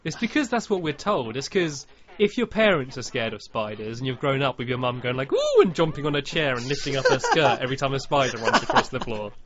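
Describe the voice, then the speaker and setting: A man's voice: mid-range voice, expressive, fast talker, few pauses, fairly bright tone. A British man hosting a podcast in casual chat, joking and giggling. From Britain. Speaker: podcast host. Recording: dull lo-fi audio.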